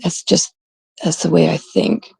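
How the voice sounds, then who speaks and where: A woman's voice: measured pace, dark tone, no room sound. A blunt woman from Canada, talking casually to her live-stream chat in an exasperated way, swearing freely and quoting people mockingly. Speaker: livestream host.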